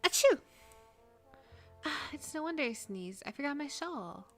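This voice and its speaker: A woman game streamer at a mid pitch who reads the story aloud and then cuts in with loud, crude jokes. Faint music plays behind her. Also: lively intonation, fairly quick, dry recording. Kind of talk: casual gameplay commentary and reading.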